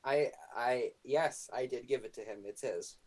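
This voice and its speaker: A man role-playing his character in a tabletop game. His voice sits at an ordinary middle pitch. He talks in an insistent, deadpan way that turns flustered at times. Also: moderate pace. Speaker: player.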